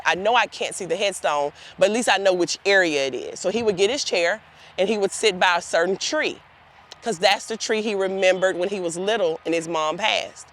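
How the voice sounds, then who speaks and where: A woman giving a guided tour outdoors in a cemetery, telling heartfelt stories straight to her group of volunteers. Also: fairly low pitch. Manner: earnest, heartfelt storytelling addressing the group directly.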